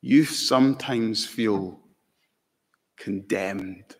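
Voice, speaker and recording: A man preaching a sermon as pastor, slow and emphatic, building to fervent peaks. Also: lowish voice, breathy edge. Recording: long hall reverb.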